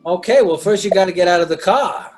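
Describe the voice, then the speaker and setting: A man's voice: high voice, fast, darkish tone. A man hosting a podcast, joking with his guest and egging her on. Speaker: podcast host. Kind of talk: casual interview chat.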